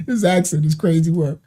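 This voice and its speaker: A man's voice: on the high side, mellow. A man hosting a religious channel, chatting and laughing through reaction commentary with preacherly asides.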